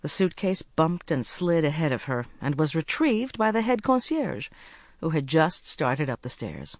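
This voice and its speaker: An audiobook narrator reading a cozy mystery with an expressive delivery, recorded close on a studio mic. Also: mid-range voice, measured pace, no room sound.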